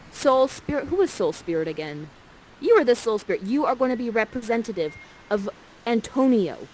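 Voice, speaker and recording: A woman's voice: a little high, darkish tone, slight background noise, poor audio. A woman playfully narrating and directing players through a live play, coaxing and jokey, on a headset mic. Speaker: immersive theater performer guiding players.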